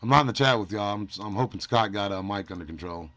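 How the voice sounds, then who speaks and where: A man's voice: lowish voice, fast, fairly bright tone, dry recording. Man, livestream host, casual chat, teasing and joking, mumbles asides, dry close sound.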